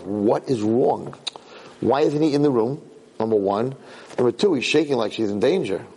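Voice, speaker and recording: Middle-aged man, animated, emphatic storyteller. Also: mid-range voice, low-quality recording. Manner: animated, emphatic storyteller who repeats words and restarts phrases. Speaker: rabbi. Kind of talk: Torah lecture with personal storytelling.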